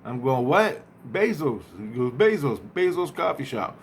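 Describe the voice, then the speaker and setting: Man, mid-pitched voice, casual dream retelling, rambling, halting restarts, faint background noise. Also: sing-song. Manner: rambling, acts out both sides of a conversation; halting, repeats and restarts words.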